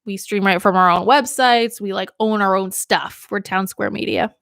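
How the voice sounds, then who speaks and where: A woman's voice: medium pitch, steady tone, normal speed, creaky, a bit bright, no room sound, studio quality. Chatty tipsy young woman radio DJ. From Maine. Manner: chatty and rambling, laughs often. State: tipsy from drinking. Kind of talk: casual livestream chat.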